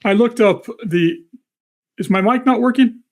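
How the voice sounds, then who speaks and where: A man's voice: very high voice, measured pace, darkish tone. A man in casual conversation over a video call, hesitantly reading out what he looked up.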